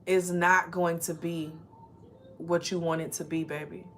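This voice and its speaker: A woman's voice: lowish voice, flat delivery, slight background noise. Woman giving an earnest card reading. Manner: earnest, speaks directly to the listener with endearments; repeats phrases slowly for emphasis. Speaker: spiritual card reader. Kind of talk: oracle card reading with affirmations.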